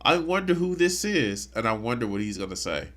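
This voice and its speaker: A man's voice: mid-range voice, big pitch swings, a little fast, a bit bright. A man streaming live, commenting on clips in a mocking, crude way. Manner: mocking, crude, bursts into laughter.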